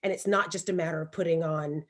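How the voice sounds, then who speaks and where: A woman from Alabama with a Southern accent, co-hosting a podcast and telling stories in an emphatic, animated way. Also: low-pitched, fast. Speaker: podcast co-host. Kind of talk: casual conversation.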